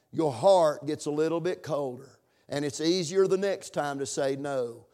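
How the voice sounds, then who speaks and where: A pastor preaching a sermon in church, rising to loud emphatic passages and dropping to quiet asides. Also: male voice, on the high side.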